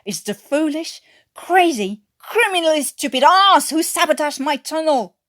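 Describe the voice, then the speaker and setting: A French-accented woman voicing an enraged grown man, a prisoner-of-war soldier, who snarls and shouts insults. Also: high voice, animated, measured pace, no echo, clean studio sound, voice pushed up. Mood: furious snarl.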